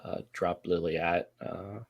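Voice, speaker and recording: A man's voice: low-pitched, level tone, unhurried, vocal fry, slightly rough. A man running a tabletop game as game master, narrating with many fillers and laughs.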